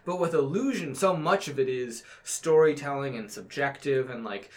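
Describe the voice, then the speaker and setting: Tabletop player, very animated pitch, explains at length. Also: moderate pace. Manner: explains rules thoughtfully. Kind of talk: casual podcast chat.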